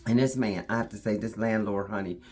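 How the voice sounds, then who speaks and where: A woman's voice: a bass voice, brisk, darkish tone. A woman talking casually to her camera, emphatic and repetitive, now and then breaking off to talk to her puppy. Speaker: vlogger.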